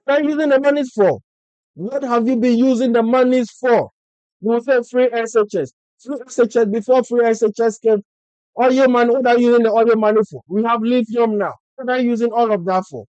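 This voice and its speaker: A man's voice: very high-pitched, steady tone, brisk, a little mellow, clean tone, no echo, rough recording. A Ghanaian man with a Ghanaian English accent, speaking in an impassioned political vlog monologue full of repeated rhetorical questions. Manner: insistent, repetitive rhetorical questions. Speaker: political vlogger.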